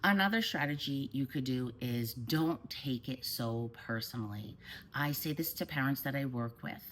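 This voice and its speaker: A woman parent coach giving calm, steady advice straight to the camera. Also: extremely low pitch, moderate pace, a little hiss or hum, rough recording.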